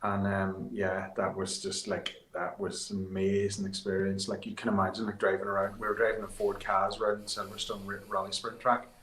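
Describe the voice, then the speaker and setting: A man, a rally competitor, guest in a casual interview, telling lively rambling anecdotes. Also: fairly low pitch, a little fast, few pauses, roomy sound, rough recording.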